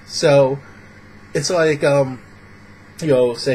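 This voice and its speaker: A man's voice: on the high side, animated, moderate pace, a little mellow, slight background noise, rough recording. A man giving casual, rambling advice in a vlog, acting out little example scenes. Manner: rambling, filler-heavy, acts out little scenes. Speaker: vlogger.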